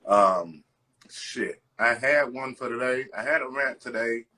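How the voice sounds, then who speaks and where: Man, husky, podcast co-host, casual chat, profane, ranting. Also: mid-range voice, measured pace, pushed and bright. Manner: profane, ranting, mocking impressions.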